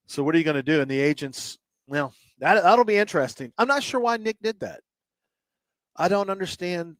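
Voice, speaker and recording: A man's voice: fairly high pitch, lively intonation, brisk, fairly bright tone, dry recording, clean studio sound. A man co-hosting a sports radio show, talking casually and thinking aloud in restarts. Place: radio studio.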